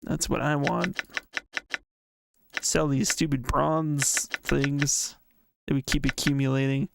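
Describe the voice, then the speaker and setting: A man chatting casually while streaming a game, thinking out loud and reading the game text aloud. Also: medium pitch, flat delivery, takes it slowly, vocal fry, heavy background noise. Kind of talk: casual let's-play commentary.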